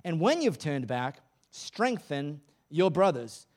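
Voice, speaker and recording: A man as a slow, gentle male teacher. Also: fairly high pitch, sing-song. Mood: earnest. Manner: slow, measured, earnest. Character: calm, gentle male teacher speaking to a follower.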